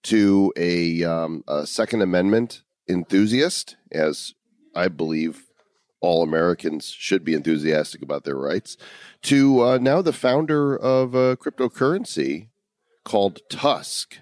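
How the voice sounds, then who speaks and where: A man's voice: sits low, unhurried, darkish tone, dry recording, studio quality. A man hosting a podcast in a casual chat, jokey and loose. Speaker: podcast host. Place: restaurant VIP room.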